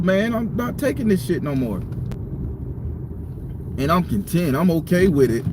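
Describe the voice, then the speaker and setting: Male host, high-pitched, fired-up and cursing through a live-stream rant from his parked car. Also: very animated, measured pace, pauses often, background noise. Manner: heated, profane, repetitive venting. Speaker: tarot reader and channel host.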